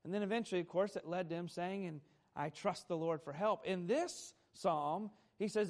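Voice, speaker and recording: A man preaching a Sunday morning sermon, teaching at a measured pace, stressing key words and putting questions to the congregation. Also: high-pitched, a little mellow. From America. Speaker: pastor.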